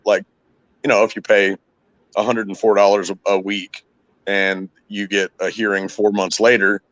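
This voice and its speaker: A man's voice: lowish voice, a bit bright, no echo, highs cut off. A man chatting casually on a podcast, telling frustrated stories with plenty of swearing. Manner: profane, ranting, frustrated storytelling. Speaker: podcast host. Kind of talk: casual chat.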